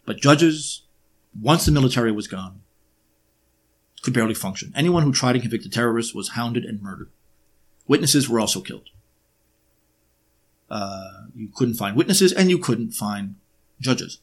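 A man giving a lecture-style monologue, often pausing on fillers and throwing in sarcastic rhetorical questions. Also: medium pitch, animated. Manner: frequent filler hesitations.

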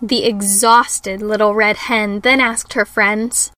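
A woman reading a children's story aloud with an unhurried, careful storybook delivery. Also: medium pitch, fairly even intonation, bright, forceful tone, no room sound.

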